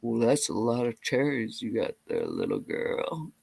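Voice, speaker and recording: Woman doing a big burly gentle man. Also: mid-range voice, huge pitch swings, measured pace, vocal fry, breathy edge, dry recording, voice pushed down, exaggerated voice. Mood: teasing.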